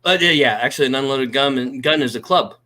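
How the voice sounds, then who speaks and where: A man's voice: mid-range voice, brisk, pushed and bright. A man chatting casually as a guest on a live stream, stumbling over his words and laughing easily. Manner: stammering restarts, laughs easily.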